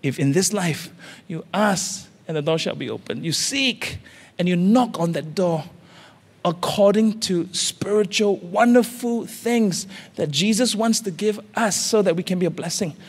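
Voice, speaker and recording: A man's voice: sits high, expressive, unhurried, slightly rough. A man from Singapore, a senior pastor preaching an impassioned sermon in a large church hall, pressing his listeners with urgent, repeated calls. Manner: urgent, repetitive exhortations with rising calls. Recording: reverberant church hall with faint music.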